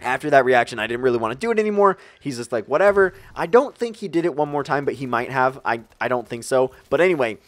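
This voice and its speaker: A man's voice: mid-range voice, animated, fast, few pauses, no room sound. A young man telling a casual storytime vlog, rambling with lots of fillers and acting out the story. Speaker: vlogger.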